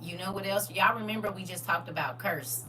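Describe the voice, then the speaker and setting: A woman hosting a casual livestream, chatting to viewers as "y'all" and answering their comments aloud, with expressive swings from hushed to loud. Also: mid-range voice, brisk, a little hiss or hum. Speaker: livestream host.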